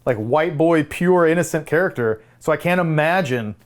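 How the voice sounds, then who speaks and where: A man co-hosting a movie review podcast in casual chat, talking with animated enthusiasm and laughing often. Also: a little high, moderate pace. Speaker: podcast co-host.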